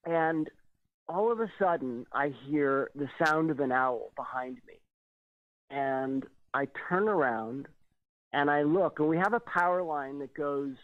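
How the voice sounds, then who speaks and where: A man tells his story over a tinny, dry phone line, his voice sitting a bit high for a man. He talks in an animated way, a little nervous, and he acts out the voices of the people in it. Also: dry recording. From California. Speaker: radio show guest. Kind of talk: telling a personal story on a call-in radio show.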